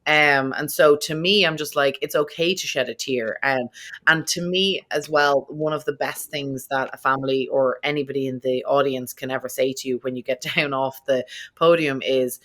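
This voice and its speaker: A woman hosting a podcast who works in funeral service, chatting in a lively way and often acting out her own past remarks as quotes. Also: rumbling low, normal speed. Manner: animated storyteller who quotes herself. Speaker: podcast host and funeral professional. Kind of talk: casual interview chat. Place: New York.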